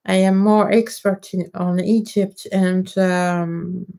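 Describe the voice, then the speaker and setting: French woman doing a live q&a, slow and halting, lots of uhs and restarts. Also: lowish voice, flat delivery, gravelly, mellow. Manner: hesitant, many fillers and restarts, nonnative phrasing. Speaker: livestream host answering viewer questions. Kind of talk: casual live Q&A.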